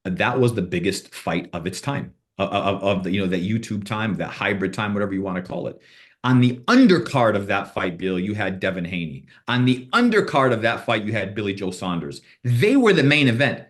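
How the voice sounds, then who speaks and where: A man's voice: on the low side, big pitch swings, brisk. A man being interviewed on a podcast as a boxing manager, telling rambling stories with restarts and quoted back-and-forth dialogue.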